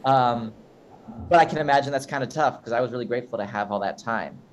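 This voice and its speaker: A man's voice: medium pitch, fast. A young man, a guest actor, chatting casually and rambling with many fillers over a video call. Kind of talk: casual chat.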